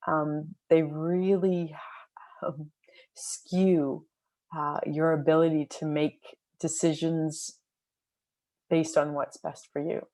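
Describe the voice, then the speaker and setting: A woman with a low-pitched voice hosts a podcast about making decisions. She talks in an earnest, reflective way, often pausing on fillers and restarting her sentences. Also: mellow. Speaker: decision coach and podcast host. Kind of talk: podcast storytelling monologue.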